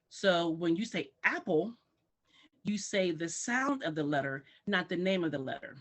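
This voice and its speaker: A woman's voice: on the low side, moderate pace. A woman who works in early childhood education, speaking as a guest on a talk show and acting out parents and children in exaggerated voices. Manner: animated, acts out parents and kids in exaggerated voices.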